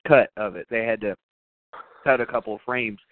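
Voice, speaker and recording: A man co-hosting a podcast, chatting casually and profanely about a movie, acting out characters in high voices. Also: moderate pace. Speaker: podcast co-host. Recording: tinny phone-like sound, dry.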